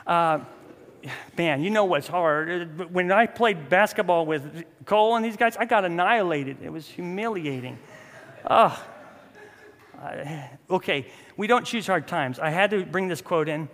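A man's voice: high-pitched, a little slow, a bit bright. A man in his thirties preaching a casual, humorous sermon, acting out bits of his stories. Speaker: pastor. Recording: long reverb in a hall.

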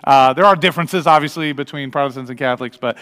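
Fast-talking man preaching in a hall. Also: mid-range voice. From American Midwest. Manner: energetic, conversational, many restarts and acted-out quotes. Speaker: pastor. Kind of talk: sermon with personal stories. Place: church sanctuary. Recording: long reverb of a large hall.

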